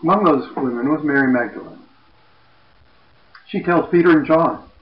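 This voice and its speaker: A man retelling a Bible story as a lesson, in a plain storytelling voice that goes quiet for quoted speech. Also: fairly high pitch, normal speed. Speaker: Bible teacher. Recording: echoey, dull lo-fi room.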